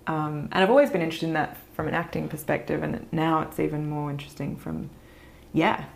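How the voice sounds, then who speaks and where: A woman's voice: low-pitched, steady tone, brisk, gravelly, slight background noise. A woman in her thirties with an Australian accent, talking candidly as a guest in a podcast interview and laughing often. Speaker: actress guest.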